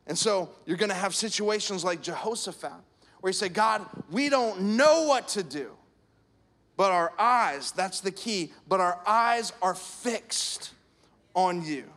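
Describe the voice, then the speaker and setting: A man's voice: high voice, fairly bright tone. A man preaching a sermon, talking conversationally and acting out little stories with gestures of voice. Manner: conversational preaching with acted-out anecdotes. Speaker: pastor.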